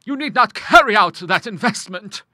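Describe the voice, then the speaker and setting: A man reads an audiobook in clean, echo-free studio sound, giving a full character voice to a stern, grim middle-aged woman. He pitches above his natural voice, high, pushed and bright with lively intonation at normal speed, speaking severely with scornful, vehement emphasis.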